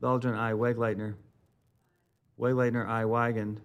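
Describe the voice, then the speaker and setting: A clerk calls a roll call vote, repeating each name and vote back in turn. He sounds businesslike, and his voice stays flat and even throughout. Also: medium pitch, unhurried. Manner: repetitive, businesslike.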